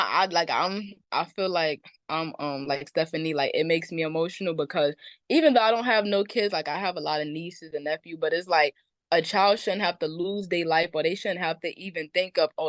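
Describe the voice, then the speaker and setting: A woman's voice: fairly low pitch, no room sound. A woman on a podcast panel, talking casually in a rambling storytelling way with lots of fillers. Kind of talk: casual chat.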